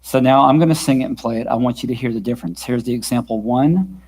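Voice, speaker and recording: A fast-talking worship music instructor with a medium-pitched voice coaches a church worship team in a vocal workshop. He stays patient, often checking that they're following along, and his own guitar plays in the background.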